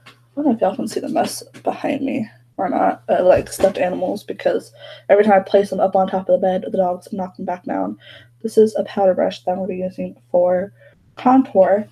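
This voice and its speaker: A woman's voice: medium pitch, dark tone, slight background noise, rough recording. A young woman chatting casually while doing her makeup at home, rambling with lots of fillers. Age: young adult. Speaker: beauty vlogger. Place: bedroom at home.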